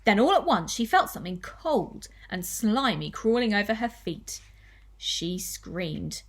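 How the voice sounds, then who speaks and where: Lively woman teacher reading a story. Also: medium pitch, unhurried, breathy edge. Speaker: primary school teacher. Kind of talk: reading a children's story aloud.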